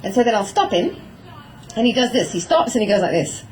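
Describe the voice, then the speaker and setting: A middle-aged woman giving a lively talk on horse training to an audience, acting out little exchanges with her horse. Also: fairly high pitch, fairly quick, background noise. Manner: animated, acting out voices of herself and her horse.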